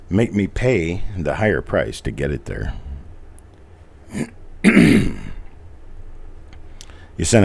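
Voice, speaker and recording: A middle-aged man hosting a live coin stream in a casual, chatty way, who keeps clearing a frog in his throat and repeats his points for emphasis. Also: sits low, a little mellow. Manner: chatty, reads viewer comments aloud, repeats points for emphasis. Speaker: host of a live coin roll reveal stream.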